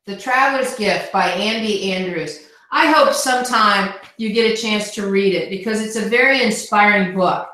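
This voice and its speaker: Bright echoey woman, motivational. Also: medium pitch, normal speed. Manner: earnest, repeats words when starting. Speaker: guest speaker on team call. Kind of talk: motivational talk. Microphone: video call. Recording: echoey call line.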